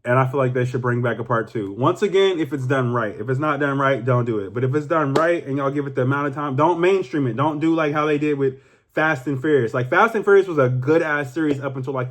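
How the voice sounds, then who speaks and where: A young man, casually talking through a vlog with animated, rambling, profane speech full of fillers. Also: mid-range voice. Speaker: YouTuber.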